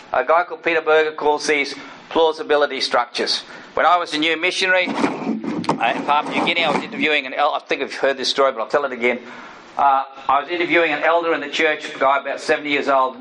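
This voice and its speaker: In a mid-range, fairly bright voice, a middle-aged former missionary delivers a sincere teaching sermon. He keeps checking in with "right?" while repeating points and performs the prayers and speech he quotes. The audio is poor, with a little hiss or hum.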